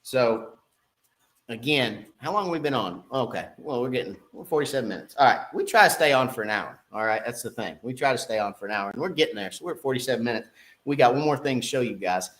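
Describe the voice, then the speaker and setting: A man's voice: mid-range voice, expressive, fast talker, a bit bright. A middle-aged man, a fishing guide talking casually on a live stream, folksy and repeating "okay?" to his viewers.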